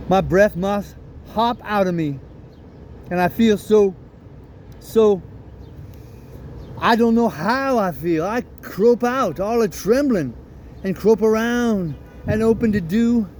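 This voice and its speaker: A man's voice: high-pitched, a little mellow, a little hiss or hum. A man reading an audiobook, voicing Jim, a remorseful father telling a painful story in a heavy Southern US dialect.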